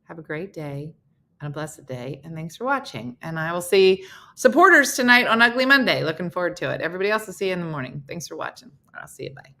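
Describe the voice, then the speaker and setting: A woman's voice: fairly low pitch, big pitch swings, fast talker, pushed and bright. A middle-aged woman with a New Jersey accent, hosting a casual live morning show and chatting with viewers in a self-mocking way.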